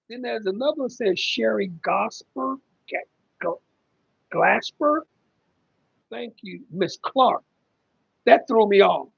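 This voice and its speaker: A man's voice: high-pitched, creaky, breathy edge, no room sound, dull audio. A middle-aged man hosting a casual livestream about caregiving, rambling and conversational with lots of ums as he reads viewer comments.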